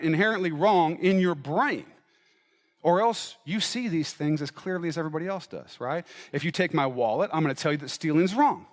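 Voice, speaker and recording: A man's voice: a little high, big-room sound. A male pastor giving a conversational sermon, checking in with his listeners and acting out both sides of an argument. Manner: conversational, checks in with "right?" and "okay?". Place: church.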